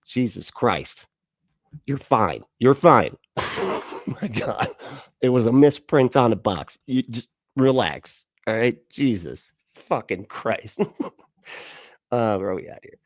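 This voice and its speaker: A man's voice: mid-range voice, animated, slow pace, darkish tone, no room sound, studio quality. A man hosting a casual livestream, reading out chat comments with sarcastic, profane remarks and frequent laughter. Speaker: livestream host.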